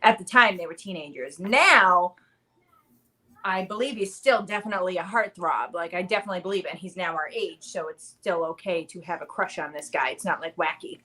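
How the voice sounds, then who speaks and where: A woman's voice: lowish voice, a little fast, bright, forceful tone. A woman in her thirties hosting a casual livestream, chatty and rambling, with lots of fillers. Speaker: livestream host. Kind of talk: casual live chat.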